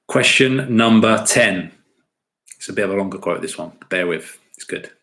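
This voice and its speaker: Male quiz host, lowish voice, chatty and upbeat, reads lines straight. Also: moderate pace, pushed and bright. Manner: reads quotes out plainly without doing voices. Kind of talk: live-streamed quiz hosting.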